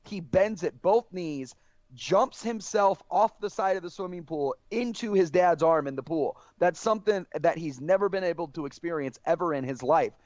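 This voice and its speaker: A man, slightly high-pitched, tells stories earnestly, acts out what people said, and keeps calling his hosts "guys." The recording is dry and slightly lo-fi. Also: normal speed, darkish tone, no echo. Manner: earnest storytelling, acts out quoted dialogue, keeps saying "guys". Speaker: podcast guest. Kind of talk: casual podcast conversation. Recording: dry, dull lo-fi podcast audio.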